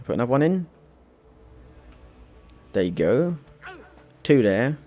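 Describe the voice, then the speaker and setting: A man's voice: medium pitch, sing-song, slow pace, mellow, faint music behind. A young British man chatting through a video game, talking to the characters and yelping when things go wrong. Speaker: let's play gamer. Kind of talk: gameplay commentary.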